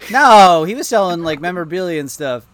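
A man's voice: high voice, animated, fairly quick, fairly bright tone. A man in his thirties chatting casually, telling a self-deprecating story with lots of fillers. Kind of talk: casual chat.

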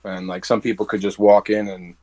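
Jersey accent guy, wrestler guest, lowish voice, tells stories and does the quotes, dry mic. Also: a little fast, no room sound, low-quality recording. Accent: New Jersey. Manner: animated storyteller who acts out quoted dialogue. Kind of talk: casual interview chat.

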